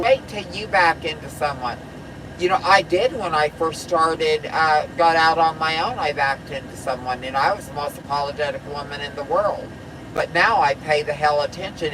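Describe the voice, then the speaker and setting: A woman truck driver with a deep voice chats casually on a live stream, with background noise audible. She's blunt and profane, rambling from one topic to the next.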